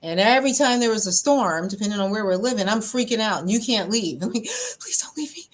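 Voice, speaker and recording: A woman's voice: mid-range voice, fast, a little hiss or hum. Openly storytelling woman pastor, laughing often. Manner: open and animated, laughs often, acts out quotes. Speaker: pastor and podcast host. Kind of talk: candid personal storytelling in a podcast chat.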